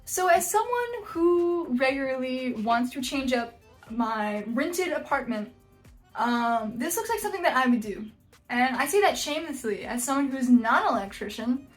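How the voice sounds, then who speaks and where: A woman with a high, light voice hosts a casual reaction video. She talks bluntly and jokingly, breaking into frequent surprised exclamations, with faint music in the background. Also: animated, moderate pace. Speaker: YouTube host reacting to house listings.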